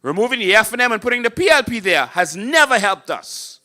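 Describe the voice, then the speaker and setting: A Bahamian man drives a political talk show with fiery, preachy conviction, speaking in a forceful, bright voice that sits a little high for a man. He talks straight to a studio audience. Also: very animated, brisk. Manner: impassioned, preachy, acts out voters in mocking voices. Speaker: political host and party leader.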